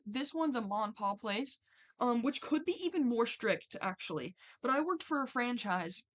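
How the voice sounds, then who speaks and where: A woman's voice: medium pitch, fairly bright tone. Young woman, casual streamer, reads a story then chats about it, loose and talkative. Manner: chatty, reads aloud then breaks off to comment. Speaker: streamer reading stories aloud. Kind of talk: casual stream reading with commentary.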